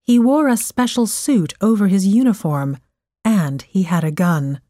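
A woman narrating an audiobook story in a clear, measured voice. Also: mid-range voice, warm tone, no echo, studio quality.

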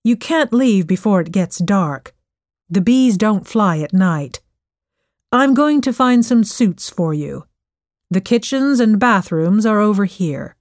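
A woman voicing a male soldier who gives firm, clear instructions, read slowly in an audiobook. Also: medium pitch, animated, a little mellow, dry recording, studio quality. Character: brisk, helpful male army soldier.

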